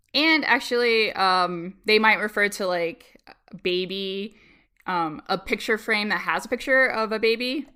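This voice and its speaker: A woman's voice: on the low side, sharp tone. A woman interviewed on a podcast, explaining child language in a chatty way with lots of ums and likes and laughs between points. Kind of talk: casual explanatory chat.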